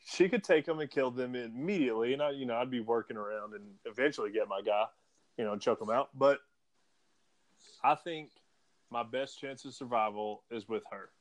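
A man's voice: mid-range voice, moderate pace. A man co-hosting a casual podcast, joking and teasing with frequent laughs. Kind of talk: casual chat.

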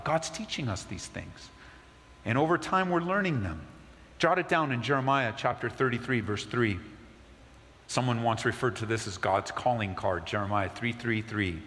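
A man's voice: animated, normal speed. Man preaching in a reverberant church. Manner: conversational preaching, drops low and soft for emphasis. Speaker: pastor. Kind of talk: sermon.

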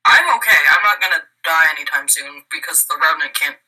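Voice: mid-range voice, animated, fairly quick, sharp tone. A player in a tabletop game over voice chat, casual and giggly. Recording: tinny phone line, distant from the mic.

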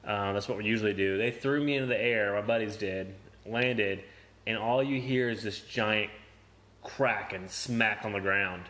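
A man's voice: fairly low pitch, moderate pace, fairly bright tone. A young man casually telling a story in a podcast chat, swearing a lot, laughing and acting out quotes. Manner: profane, laughing, acts out quotes.

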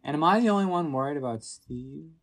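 A woman co-hosting a podcast, cracking jokes and teasing with quick interruptions. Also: deep voice, expressive. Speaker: podcast co-host. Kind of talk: casual chat.

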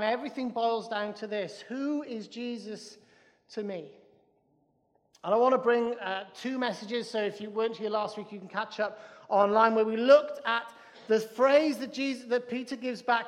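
A male pastor preaching a lively sermon to his church, with a joke and frequent restarts. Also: extremely high pitch. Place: church hall. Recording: reverberant church hall.

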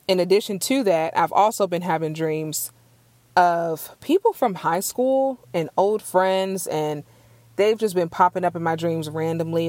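Chatty young woman, low dry voice. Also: dry recording. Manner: earnest and chatty, repeats words when searching. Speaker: podcast host. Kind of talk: casual solo Q&A chat.

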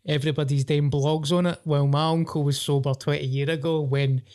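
Scottish male co-host, slightly higher voice, candid and sweary raconteur. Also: fairly even intonation, a little fast, darkish tone. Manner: candid, sweary, jokey storyteller. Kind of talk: casual chat.

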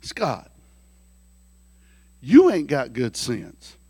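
A man voicing God as a calm, amused male voice that teases in a dry, unhurried way. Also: medium pitch, husky, no room sound, voice pushed down, heavily acted.

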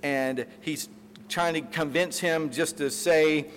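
A pastor delivering a sermon, telling a story with animated retellings and acted-out quotes, then closing in prayer. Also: male voice, fairly high pitch, slow pace. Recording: reverberant hall, faint room noise.

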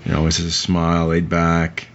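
A man with a very low, deep voice co-hosts a casual movie-review podcast. He talks in loose, profane, rambling asides. The recording is muffled and lo-fi, with a faint hiss underneath. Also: monotone, normal speed, a bit bright. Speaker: podcast co-host.

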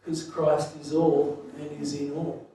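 In a vast, reverberant hall, a pastor tells a sermon story a little slowly, his fairly high male voice picked up from afar rather than on the mic. Lively and often laughing, he drops to a whisper for tender parts, while a faint hum runs beneath.

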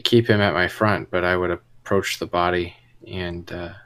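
A man's voice: low voice, fairly even intonation, normal speed, fairly bright tone, clear, resonant tone. A man playing a tabletop game, hesitantly describing his character's actions. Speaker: player.

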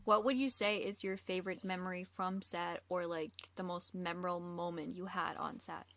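A woman's voice: fairly low pitch, fairly even intonation, normal speed, a bit bright. A woman hosting a podcast, asking a guest questions in a casual way with "like" as filler. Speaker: podcast host. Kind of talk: interviewing a guest.

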